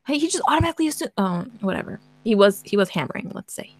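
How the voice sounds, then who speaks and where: A woman's voice: mid-range voice, big pitch swings, very fast, breathy edge. A woman host reading a story aloud in casual chat, breaking off into sarcastic, laughing commentary.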